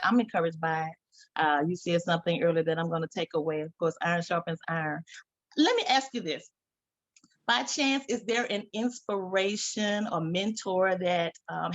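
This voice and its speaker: A woman's voice: on the low side, highs cut off. Woman, faith radio host; encouraging, affirming interviewer. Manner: warm encouraging, affirming responses.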